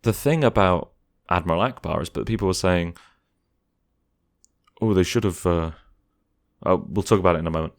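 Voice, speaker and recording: Low-voiced man commenting on film. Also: brisk. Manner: chatty, puts on mocking voices for critics.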